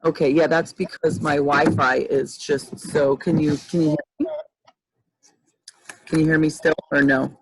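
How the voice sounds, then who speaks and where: A woman's voice: sits low, steady tone, unhurried, long pauses, background noise. A woman in her fifties hosting a casual livestream chat over a video call, rambling and restarting often. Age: 50s. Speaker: host, life coach.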